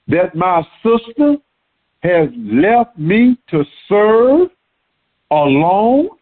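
A man preaching, acting out a fretful, overworked woman who pleads indignantly, raising his voice higher. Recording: tinny phone-like sound.

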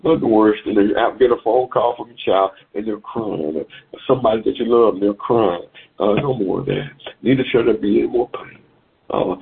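A man's voice: medium pitch, creaky, breathy edge. A man preaching a sermon over a phone call, exhorting and repeating phrases in a sing-song cadence. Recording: tinny phone line.

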